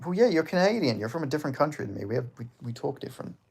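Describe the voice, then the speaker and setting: A man's voice: on the high side, big pitch swings, rapid-fire, creaky, darkish tone, slightly rough. A man with an Australian accent hosting a livestream, chatting casually and answering viewer comments in a loose, joking way, swearing often and laughing between lines. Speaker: livestream host.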